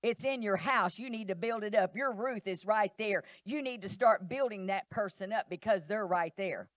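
A woman's voice: medium pitch, moderate pace, no echo, clean studio sound. A middle-aged woman pastor, preaching a sermon in a church, emphatic and repetitive, acting out quoted voices.

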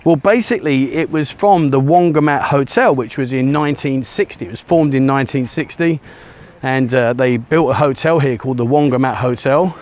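Out on a sunny beach, a travel vlogger chats to the handheld camera he swivels around, his mid-range voice darkish in tone and moderately paced. Winded slightly by the sand, he rambles on with plenty of ums and uhs.

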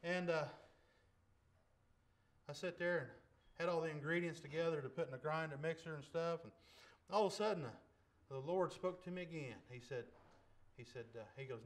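A man telling his conversion story in church as a lay preacher, folksy and plain, dropping to a hush and then bursting out loud. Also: a little high, fairly quick, long pauses. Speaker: lay preacher giving testimony. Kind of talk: testimony sermon. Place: church service.

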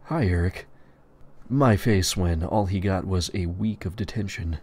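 A man reading crude, profane stories aloud in a deadpan narrating voice. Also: low voice, normal speed, husky. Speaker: storyteller.

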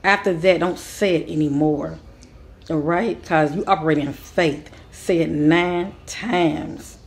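A woman delivers a spiritual advice monologue as a spiritual teacher, her deep, husky voice slow and fairly even in intonation. She uses a repetitive, preacher-like cadence and calls her listeners kings and queens.

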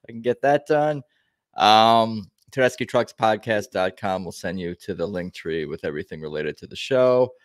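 A man's voice: lowish voice, normal speed, no room sound, clean studio sound. A man hosting a fan podcast, talking loosely and rambling, with frequent ums and restarts. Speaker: podcast host. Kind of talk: casual podcast intro.

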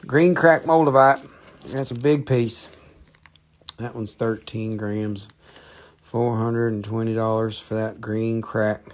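A man's voice: medium pitch, a little slow, darkish tone. A man with an Appalachian accent hosting a live crystal and mineral sales stream, with rambling, playful salesman banter. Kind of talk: joking live sales pitch.

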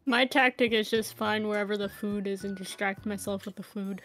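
A woman's voice: mid-range voice, steady tone, normal speed, fairly bright tone, soft background music. A woman playing alongside a streamer, giving short dry replies in casual chat. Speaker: co-player.

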